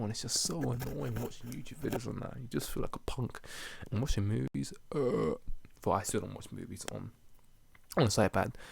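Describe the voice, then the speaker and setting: Young male podcast host, low gravelly voice, loose filler-heavy rambling. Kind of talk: casual rambling solo podcast.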